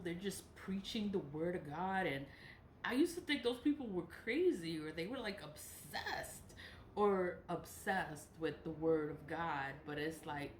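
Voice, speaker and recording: A woman's voice: lowish voice, animated, a little slow, slight background noise. Emphatic, swearing woman in an echoey room. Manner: emphatic and repetitive, swears freely, laughs between points. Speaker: nonprofit director giving spiritual warnings. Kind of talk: casual spoken monologue to camera.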